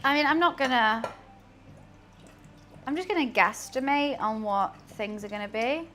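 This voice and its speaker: A woman's voice: a little high, measured pace, fairly bright tone, a little hiss or hum. A young woman with a slight lisp, chatting playfully with her stream chat while she cooks. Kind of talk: casual cooking stream chat.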